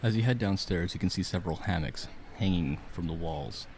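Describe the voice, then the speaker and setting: A man's voice: sits low, a little fast, darkish tone, slight background noise. A man narrating a tabletop game as game master, mixing dramatic storytelling with casual rulings for the players.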